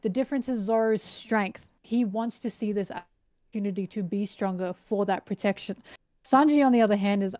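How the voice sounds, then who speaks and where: A woman in casual podcast chat, animated and analytical, eagerly retelling and explaining scenes. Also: mid-range voice, normal speed, dry recording. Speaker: guest.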